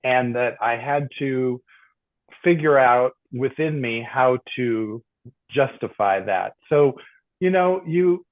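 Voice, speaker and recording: A man in his sixties telling a personal story on a panel, emotional and halting, over a video call. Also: mid-range voice. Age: 60s. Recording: tinny phone-like line.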